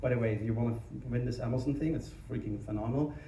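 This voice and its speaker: A man with a German accent giving an energetic, informal tech conference talk, joking about himself and restarting sentences often. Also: medium pitch, very fast, recorded from a distance, slight background noise. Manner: energetic, informal, self-deprecating, many restarts. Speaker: conference speaker. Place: conference hall. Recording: echoey hall, mic from afar.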